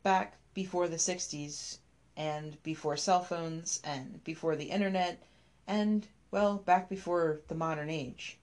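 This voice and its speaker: A woman reading a scripted story aloud, telling it in a measured, even way. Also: on the low side.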